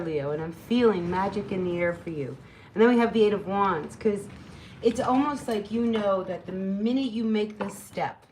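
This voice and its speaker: A woman's voice: medium pitch, darkish tone, slight background noise, low-quality recording. A woman giving a casual spoken tarot reading, chatty and encouraging, rambling with lots of fillers. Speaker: tarot reader.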